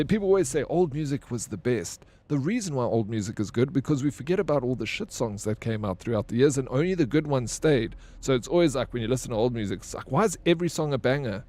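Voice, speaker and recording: A man's voice: mid-range voice, darkish tone. A young man streaming a video game, joking and bantering with his chat, swearing freely. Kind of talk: casual live-stream chat while gaming.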